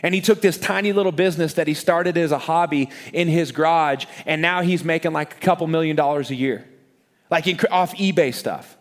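This is a male pastor with a high-pitched voice, preaching to his congregation. He talks in an animated way and pokes fun at himself. He often repeats words for emphasis. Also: brisk. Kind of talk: sermon.

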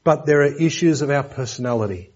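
A man's voice: a little high, lively intonation, fast, dull audio. A man preaching a sermon lesson in a conversational way, with joking asides and repeated words.

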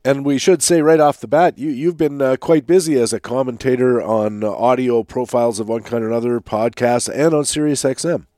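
A man's voice: medium pitch, steady tone, a little fast, few pauses, warm tone, no echo. A man hosting a radio talk show, with a stuffy nasal voice from a cold. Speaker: host.

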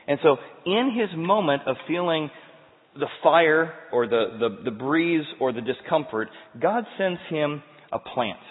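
A male pastor preaching a sermon, telling the story in an animated way and moving between loud and quiet passages. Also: a little high, a little slow. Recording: tinny sound, long hall reverb.

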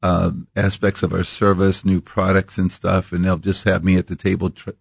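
A man in his fifties from Iowa muses as an interview guest, circling back and restarting his thoughts. His voice sits very low with a gravelly fry. The studio sound is dry and close. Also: completely flat delivery, normal speed, no room sound. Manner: reflective, rambling with restarts. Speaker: coffee company founder, guest. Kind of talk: casual interview. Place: radio studio.

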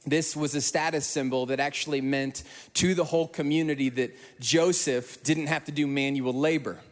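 A male pastor preaching a sermon in a church, telling stories in an emotional, animated way. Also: fairly high pitch, normal speed, big-room sound.

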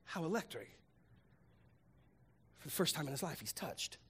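A male pastor preaching a lively, humorous sermon, swinging between loud punchlines and hushed reflective lines. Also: a little high, normal speed, breathy edge. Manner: animated, humorous, acts out voices.

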